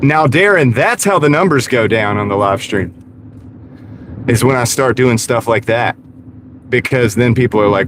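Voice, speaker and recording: This man, a gig delivery driver, is live-streaming inside his car amid road noise. He speaks at normal speed in a mid-range voice with lively intonation, casually joking about himself and greeting viewers by name.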